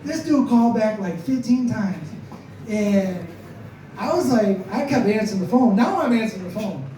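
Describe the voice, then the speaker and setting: A man's voice: high-pitched, animated, moderate pace, mellow, a little hiss or hum. A man telling a comic story to a live crowd, chatty and self-mocking, often laughing through his lines. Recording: echoey room, mic far off.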